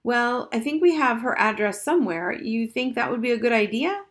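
A woman reads a storybook and puts on a fussy father stuck on a phone call, stammering and agreeing. His voice sits higher than her narration, with a polite, bothered edge. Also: expressive, close to an everyday voice. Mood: flustered. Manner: flustered, halting, polite.

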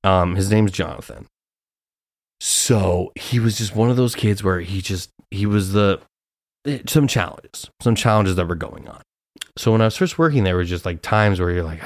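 A young man hosts a solo podcast, telling a rambling, casual story, swearing freely and laughing often. His deep voice moves at a normal speed, recorded at studio quality with no echo.

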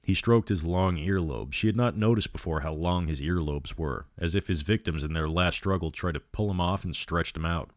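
Deep-voiced man reading a story aloud. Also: moderate pace, few pauses, no echo, clean studio sound.

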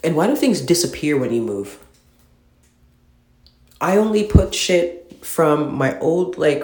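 Speaking in a mid-range, slightly mellow voice, a podcast host rambles through an exasperated, cursing solo rant. The setting is a newly occupied apartment with hardly any furniture, so the bare room echoes.

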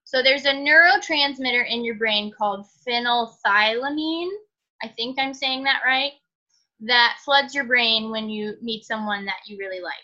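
Giggly, bright-voiced woman podcaster. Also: a little high, normal speed, highs cut off. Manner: giggly, chatty, lots of fillers. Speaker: podcast co-host. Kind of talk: casual podcast chat.

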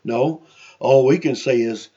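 A man preaching a sermon slowly and emphatically, repeating phrases for stress, with frequent "you know" fillers. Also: medium pitch, warm tone, breathy edge, highs cut off.

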